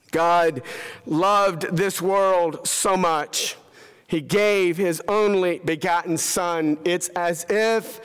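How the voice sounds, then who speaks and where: Slow, emphatic preacher in a ringing hall. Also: male voice, fairly bright tone, smooth. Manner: emphatic, with dramatic pauses and falls in pitch. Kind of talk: sermon.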